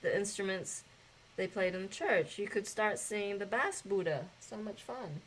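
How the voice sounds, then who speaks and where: A woman's voice: mid-range voice, a little slow, a little hiss or hum, rough recording. Rambling woman hosting a spiritual talk. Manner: loose, rambling, with fillers and swearing. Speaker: spiritual gathering host.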